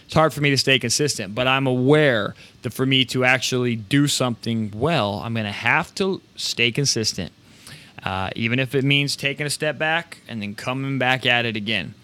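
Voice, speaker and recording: Bright-voiced man hosting a live business show. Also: mid-range voice, normal speed. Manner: energetic, casual, swears, rambling restarts. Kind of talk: casual motivational business talk.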